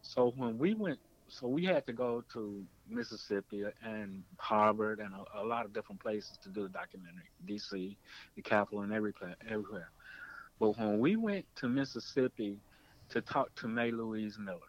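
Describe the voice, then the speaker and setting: A man's voice: moderate pace, lo-fi sound. A man, a documentary filmmaker and former radio producer, telling a long story in an interview and acting out the people he quotes. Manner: animated, acts out quoted voices with pitch jumps.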